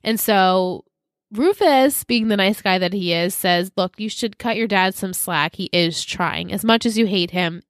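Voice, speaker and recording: A woman co-hosting a podcast, recapping episode scenes in casual chat and slipping quickly into characters' lines. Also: medium pitch, no room sound, clean studio sound. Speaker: podcast co-host.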